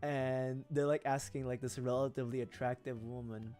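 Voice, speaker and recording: A man's voice: mid-range voice, fairly even intonation, moderate pace, darkish tone, soft background music. A young man from the Philippines chatting casually on a livestream while building a model kit, laughing often and repeating himself. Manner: giggly, rambling, repeats phrases.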